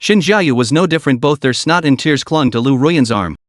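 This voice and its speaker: A man narrating a web novel in an even, steady reading voice. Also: mid-range voice, moderate pace, no room sound, studio quality.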